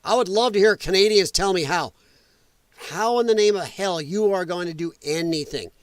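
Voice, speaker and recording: A man's voice: high-pitched, moderate pace, no room sound. A man streaming casual political commentary, profane and combative, who mocks opponents in whiny put-on voices. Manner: profane, combative, sarcastic ranting.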